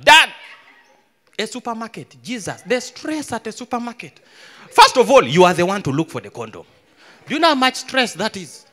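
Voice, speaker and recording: A young adult Ugandan man doing live stand-up comedy, an animated storyteller who swings between hushed mutters and loud outbursts. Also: high-pitched. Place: live comedy stage with audience.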